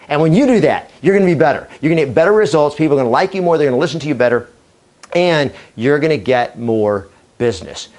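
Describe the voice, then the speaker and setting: Enthusiastic man coaching with dramatic pauses. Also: a little high. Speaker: real estate trainer. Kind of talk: energetic training video monologue.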